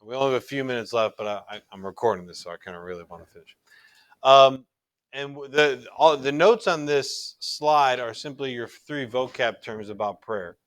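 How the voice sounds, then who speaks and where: A man's voice: medium pitch, normal speed, fairly bright tone, dry recording. A middle-aged man teaching a recorded religion class in an earnest, conversational way, often restarting his sentences.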